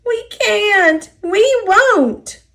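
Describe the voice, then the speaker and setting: A woman's voice: very high voice, very slow, fairly bright tone, voice pushed up, exaggerated voice. A woman with an American accent voicing a chorus of stubborn old freight cars that groan and wail. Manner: wailing, whiny.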